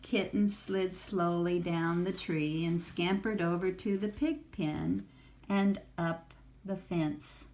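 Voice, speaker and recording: An older woman reads a picture book aloud to a child, gentle and inviting. She takes each line very slowly and stops to ask the listener questions. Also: fairly low pitch, expressive. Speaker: storyteller.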